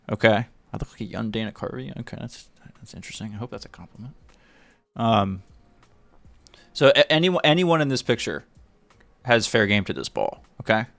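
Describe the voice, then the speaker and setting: A man hosting a live stream, giving an animated, mocking, profane running commentary on a video. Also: lowish voice, dry recording.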